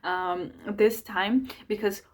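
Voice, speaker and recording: A young woman astrologer and channel host, talking fast and energetically in a chatty monthly horoscope video, with many fillers. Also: mid-range voice, fairly even intonation. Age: young adult. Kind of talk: fast casual monthly horoscope talk to camera.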